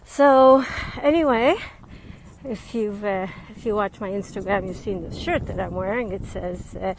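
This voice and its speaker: A woman's voice: medium pitch, measured pace, low-quality recording. A woman life coach talking casually while out walking, a little out of breath, chatty and frank. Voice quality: slightly out of breath. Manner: chatty and frank, laughs often. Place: outdoors on a windy street. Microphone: earbuds. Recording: wind and faint traffic noise.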